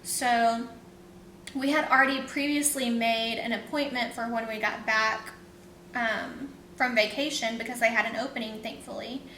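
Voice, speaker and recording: A woman's voice: fairly even intonation, normal speed, bright, forceful tone. A young woman, a vlogger, casually telling a personal story in a rambling, emotional way with many fillers. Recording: roomy echo, faint rumble.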